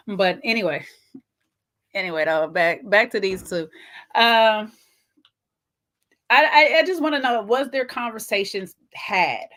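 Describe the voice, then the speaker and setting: A woman hosting a casual reality-show recap, ranting and animated, with slang-filled conversational talk. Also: mid-range voice, unhurried, pauses often. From not Jamaican, Belizean family ties.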